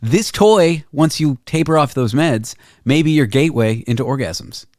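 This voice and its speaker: Teasing male podcast host, lively pitch. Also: moderate pace, dry recording, studio quality. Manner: teasing, playful, jumps in with jokes. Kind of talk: casual comedic interview.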